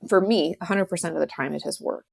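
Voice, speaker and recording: Chatty woman with a gravelly low voice. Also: quick pace. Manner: chatty, many "like" fillers, acts out quotes. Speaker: guest, author. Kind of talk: casual podcast conversation.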